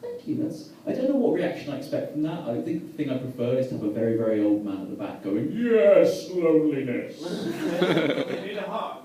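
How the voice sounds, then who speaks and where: A young British man doing a stand-up set, chatting with the crowd and delivering absurd jokes deadpan. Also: medium pitch, quick pace, few pauses. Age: young adult. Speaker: stand-up comedian. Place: comedy venue with a live audience. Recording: echoey room from far off. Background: audience laughter.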